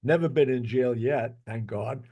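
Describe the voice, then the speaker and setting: A man in his eighties hosting a podcast, chatting casually and warmly, often stopping and repeating his words. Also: medium pitch, breathy edge. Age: 80s. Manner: warm, halting, repeats words. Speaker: podcast host. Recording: dull lo-fi podcast audio.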